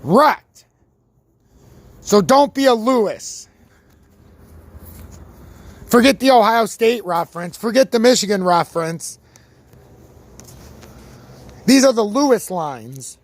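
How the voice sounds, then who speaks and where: Guy ranting about crypto charts, swears a lot, voice kinda shot, pitched a bit high. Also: slow pace, pauses often. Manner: ranting, swears freely, animated sports analogies. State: voice worn out. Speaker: crypto chart analyst, channel host. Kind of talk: casual profane market commentary.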